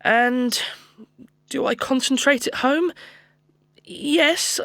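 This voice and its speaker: A woman voicing a schoolboy named Jack in a scripted textbook audio dialogue, talking in a relaxed, chatty way about how he studies. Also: high voice, extremely slow, no room sound, studio quality, full character voice. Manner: relaxed, chatty, laughs easily.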